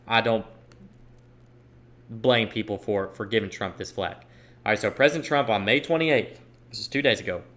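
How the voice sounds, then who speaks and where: A man's voice: on the low side, fairly bright tone. A man hosting a solo podcast, giving opinionated commentary and repeating his points for emphasis. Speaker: podcast host.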